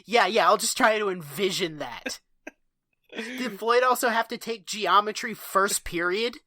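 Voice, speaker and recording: A woman's voice: medium pitch, a little slow, no echo, clean studio sound. A woman co-hosting a podcast, recapping an old sitcom episode in casual comedic chat, laughing often. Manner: animated, laughing, breaks into goofy character voices. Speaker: podcast co-host.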